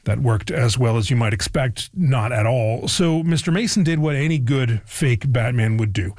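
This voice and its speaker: A man's voice: medium pitch, normal speed, a little mellow, no echo, studio quality. A man hosting a radio show, reading a scripted introduction with a wry tone. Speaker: radio host. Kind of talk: scripted narration.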